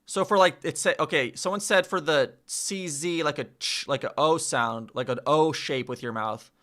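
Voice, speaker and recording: A man's voice: on the high side, moderate pace, a bit bright. A man live-streaming as he practises a language, chatting casually, reading the chat aloud and repeating sounds over and over. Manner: reads chat aloud, chatty and self-mocking.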